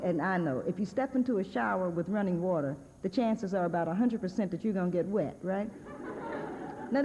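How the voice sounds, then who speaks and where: A woman's voice: a little high, a little mellow, slight background noise. A woman giving a humorous lecture from a podium at a university, wry and sardonic in a conversational way, often breaking into laughter. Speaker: guest speaker at a university. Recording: archival lecture recording with long hall reverb, dull and lo-fi.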